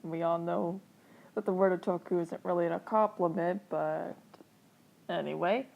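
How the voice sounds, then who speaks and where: Low, gravelly young woman with sarcastic asides. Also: steady tone, unhurried, lo-fi sound. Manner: sarcastic, wry asides, laughs at the text. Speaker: reader, channel host. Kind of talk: fan fiction reading with sarcastic commentary.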